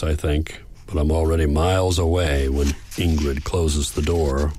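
A man reading a first-person audiobook in a measured, reflective way. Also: rumbling low, flat delivery, darkish tone, slightly rough, no room sound. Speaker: audiobook narrator.

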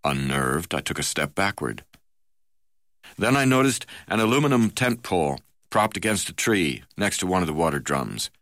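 A man with a very low voice reads a memoir aloud. His delivery is measured, with an occasional hesitation. The sound is close and dry, with no room around it. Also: big pitch swings, fairly bright tone, dry recording. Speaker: reader.

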